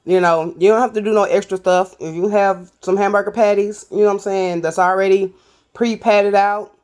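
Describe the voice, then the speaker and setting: A woman's voice: lowish voice, a little mellow. A woman, chatting casually to viewers while she builds and tastes a burger in a cooking vlog. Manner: chatty, addresses viewers as y'all. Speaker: cooking vlogger.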